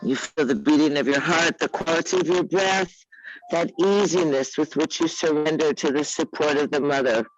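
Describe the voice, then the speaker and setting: A woman teaching a live yoga class, giving unhurried, coaxing cues and teasing her students by name. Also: low voice, lo-fi sound. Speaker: yoga instructor.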